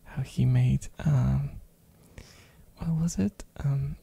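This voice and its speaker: An ASMR streamer rambling in a soft-spoken way, hoarse from a throat infection, with lots of fillers and little giggles, close on a binaural mic. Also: medium pitch, takes it slowly.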